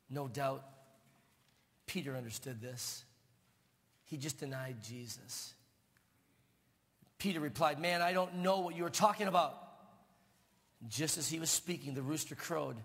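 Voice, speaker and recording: Preaching man in a reverberant church. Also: medium pitch. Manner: impassioned preaching, swinging between loud proclamation and hushed tenderness. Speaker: pastor. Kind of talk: sermon. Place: church sanctuary. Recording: long reverb of a church hall.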